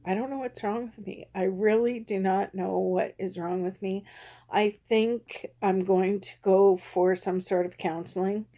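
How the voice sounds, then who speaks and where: A woman's voice: medium pitch, steady tone, a little slow, dark tone. A woman vlogger talking candidly and self-critically to her camera, rambling with frequent ums. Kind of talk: candid confessional vlog.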